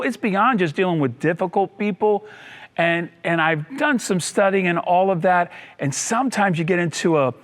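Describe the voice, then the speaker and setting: A man preaching a sermon as pastor, swinging between emphatic high bursts and low dropped lines, acting out the voices of people in his story and repeating key lines.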